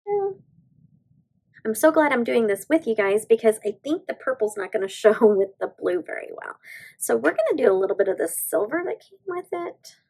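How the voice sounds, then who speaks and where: Bubbly woman with a gravelly edge. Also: a little high, very animated, normal speed, a little mellow, low-quality recording. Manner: bubbly, gushing, talks to viewers as "you guys". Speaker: beauty vlogger. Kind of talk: casual nail stamping tutorial.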